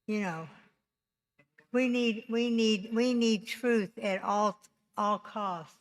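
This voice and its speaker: A woman's voice: mid-range voice, slow. A woman voices an unscripted complaint at a council meeting. She is insistent and aggrieved, and she repeats and restarts her phrases as she goes. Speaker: tribal member speaking at council. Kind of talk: unscripted public comment.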